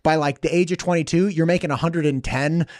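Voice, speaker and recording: A man hosting a podcast, chatty and animated, wandering into tangents in casual conversation. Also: a little high, a little fast, no room sound, studio quality. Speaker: podcast host.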